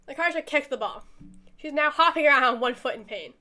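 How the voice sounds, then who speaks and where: A young adult woman streamer reading a visual novel aloud in a lively, animated way. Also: sits high, a little fast.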